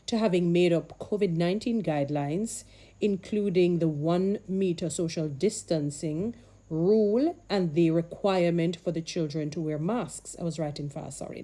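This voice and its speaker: Mellow-voiced chatty woman vlogger. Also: fairly low pitch. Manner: chatty, rambling, with restarts and asides to viewers; sarcastic humor. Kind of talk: casual chat to camera.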